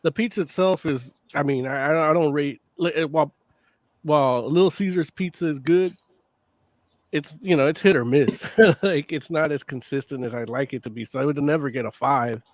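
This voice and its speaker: A man co-hosting a casual podcast, talking in halting starts and swearing casually. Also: a little high, dry recording. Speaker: podcast co-host. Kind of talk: casual chat.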